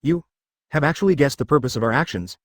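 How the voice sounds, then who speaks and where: A man's voice: medium pitch, expressive, fast talker, no room sound, studio quality, close to an everyday voice. A man reading a scheming ninja leader.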